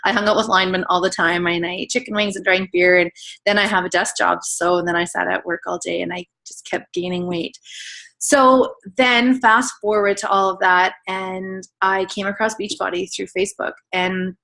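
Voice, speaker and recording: A woman's voice: medium pitch, fairly even intonation, moderate pace, pushed and bright, poor audio. A woman in her thirties telling her own story on a team call, candid and emotional, chatty with lots of filler words. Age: 30s. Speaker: guest telling her weight-loss story. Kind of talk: personal testimonial on a team call.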